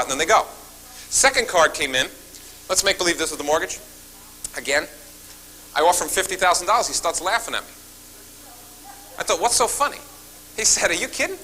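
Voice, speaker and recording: A man with a fairly high voice tells stories at a seminar, captured in a rough recording with slight background noise. He's an animated seminar speaker who acts out his phone calls and often turns to address the audience.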